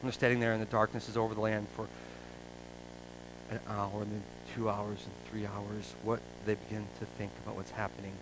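A male pastor preaching a conversational sermon, dropping to a hush and rising to loud emphasis. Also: lowish voice, level tone, a little fast, background noise.

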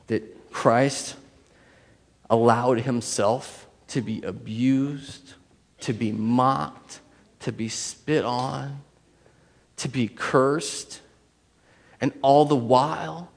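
A man preaching a sermon as pastor, shifting between loud emphatic passages and hushed ones, and acting out inner voices. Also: medium pitch, big-room sound.

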